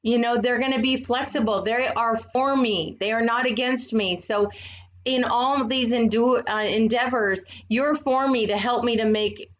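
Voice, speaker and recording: A woman's voice: on the high side, fairly even intonation, moderate pace. Earnest older woman co-host, lo-fi sound. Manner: earnest, emotional. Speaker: podcast co-host. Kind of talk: casual heartfelt chat.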